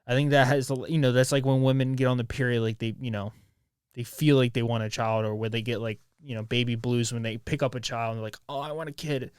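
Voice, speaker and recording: A man's voice: medium pitch, fairly even intonation, fast talker, darkish tone, clean tone, no room sound, studio quality. A man in his twenties hosting a solo podcast, speaking candidly in a rambling, raw way with frequent restarts and swearing. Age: 20s. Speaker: podcast host.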